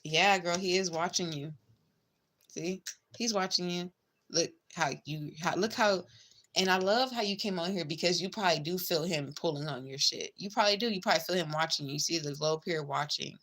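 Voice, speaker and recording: A woman's voice: fairly low pitch, brisk, fairly bright tone. A woman giving a casual tarot reading, chatty and blunt, swearing freely and calling the listener babe and girl. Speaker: tarot reader.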